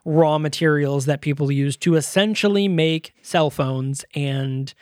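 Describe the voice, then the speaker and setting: A man co-hosting a casual movie review chat, retelling scenes in an animated way. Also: on the high side, no room sound, clean studio sound. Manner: animated retelling, slipping into quick impressions. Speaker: podcast co-host.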